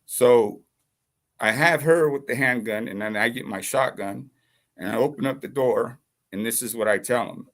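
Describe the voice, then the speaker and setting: A man's voice: mid-range voice, moderate pace, a bit bright. A man casually telling a long personal story, swearing freely, rambling, and checking in with "you know what I mean?". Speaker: YouTube channel host.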